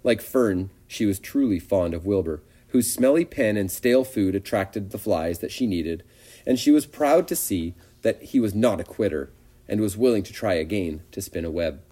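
A man reads a storybook aloud with expressive, animated narration. His voice is low and mellow. His pitch moves widely to bring the scenes to life.

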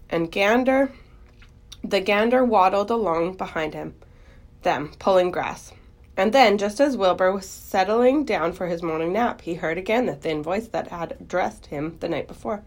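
A woman reading a children's book aloud in a gentle, expressive storytelling voice. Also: medium pitch.

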